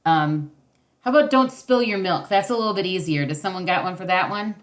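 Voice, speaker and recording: A woman's voice: fairly low pitch, expressive, a little fast. A woman leading a parenting class over a video call, encouraging, with many fillers and restarts. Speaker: parenting workshop facilitator.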